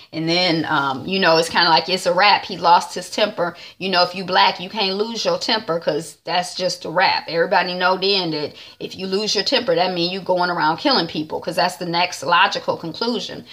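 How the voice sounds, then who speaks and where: A woman's voice: on the low side, moderate pace, pushed and bright. A woman recapping a TV episode in a chatty way, acting out the characters' lines. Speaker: TV recap vlogger.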